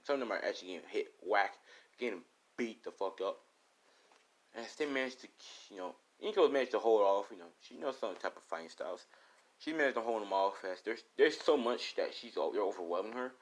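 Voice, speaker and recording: A man's voice: on the low side, lively intonation, brisk. A man casually improvising a fan fiction story, rambling with lots of fillers and the odd swear.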